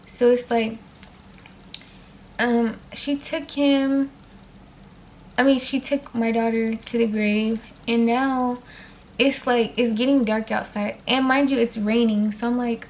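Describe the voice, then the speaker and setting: A woman recounting a dramatic personal story for her channel, her voice fairly high and lively. She talks casually, peppering it with "like" and asides to her viewers. A faint hum sits behind her. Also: takes it slowly, long pauses. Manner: animated, addresses viewers directly, frequent "like". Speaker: vlogger telling a personal story.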